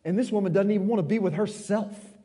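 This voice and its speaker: A man's voice: high voice, quick pace. Man preaching in a reverberant hall. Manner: conversational, emphatic preaching with sudden quiet drops. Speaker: pastor. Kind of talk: sermon.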